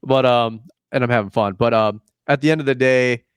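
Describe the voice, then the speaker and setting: The host's medium-pitched voice is clear and resonant, fairly even and fairly quick, with no room sound and clean studio quality. On his casual podcast he jokes through stories, laughs often, and acts out quoted exchanges.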